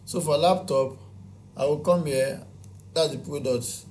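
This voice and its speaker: Slow, higher-voiced tutor. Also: male voice, darkish tone, a little hiss or hum. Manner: counts aloud item by item, repeats points and asks himself questions. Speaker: spreadsheet tutor. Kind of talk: screen-recorded software tutorial.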